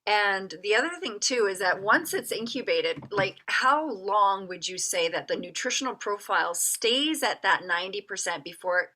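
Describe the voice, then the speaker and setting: Bright-voiced woman hosting a call. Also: medium pitch, animated, moderate pace, few pauses, low-quality recording. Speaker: call host.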